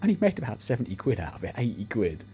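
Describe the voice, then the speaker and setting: A man telling sweary, animated anecdotes while playing a slot machine, acting out what people said. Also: medium pitch, quick pace, very noisy. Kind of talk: casual storytelling over gameplay. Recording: music playing behind the voice.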